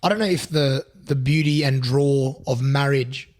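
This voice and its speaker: A man in his twenties with a hoarse, raspy voice, co-hosting a podcast in casual chat and talking earnestly, with many fillers and pauses. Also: medium pitch, darkish tone. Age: 20s. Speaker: podcast co-host.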